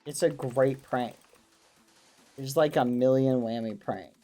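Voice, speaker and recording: A man streaming a game, chatting casually and excitedly with his viewers and using wholesome exclamations instead of swearing. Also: mid-range voice, takes it slowly, faint music behind. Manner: excitable, talks to his chat. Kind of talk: casual gaming livestream chat.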